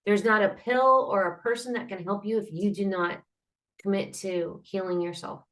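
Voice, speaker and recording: Here the same kind of guest, a woman and mental health advocate, talks about healing in an informal interview with a medium pitch and normal speed. She rambles earnestly, restarting often and leaning on fillers, and she animatedly performs sounds and laughter to illustrate her points.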